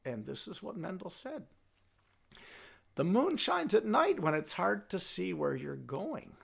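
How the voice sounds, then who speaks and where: A man telling a folk tale in a lively, halting way, often restarting his sentences and turning aside to speak to his donkey. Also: sits high, gravelly, husky. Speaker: storyteller. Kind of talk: told folk tale with a puppet.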